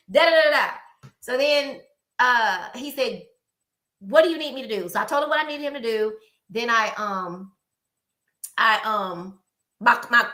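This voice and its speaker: A middle-aged woman co-hosts a podcast in casual chat, with a fairly high, bright voice. She tells stories in an animated way and acts out the people she quotes. The room around her sounds echoey. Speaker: podcast co-host.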